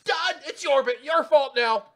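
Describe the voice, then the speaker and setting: A woman's voice: sits high, unhurried, a bit bright, voice pushed up. A man voicing a furious female queen of a fae court, screaming and bossy in a tabletop game.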